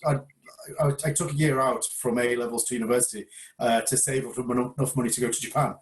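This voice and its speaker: A man's voice: mid-range voice, fairly even intonation, fast. Reflective man telling a story over a beer. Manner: reflective storyteller, hesitant with repeated words. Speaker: karate instructor. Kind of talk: casual chat over a beer.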